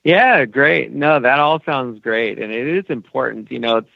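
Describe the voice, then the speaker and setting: A man's voice: medium pitch, normal speed, gravelly, no room sound, muffled recording. A man being interviewed as an animation producer, rambling and friendly with many fillers. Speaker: animation executive producer, guest. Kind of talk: casual podcast interview.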